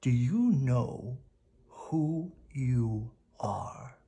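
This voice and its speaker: A man voicing a gentle old grandmother spirit in a storybook read-aloud, speaking softly, slowly and near a whisper. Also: a little high, wildly swooping pitch, gravelly, heavily acted. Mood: tender. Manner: soft, slow and hushed.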